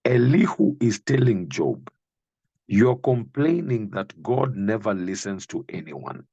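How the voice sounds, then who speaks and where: A man preaching a sermon, reading and explaining Bible verses slowly and emphatically, speaking directly to the listener. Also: on the low side, sing-song, gravelly, dark tone, slightly rough, no room sound, muffled recording.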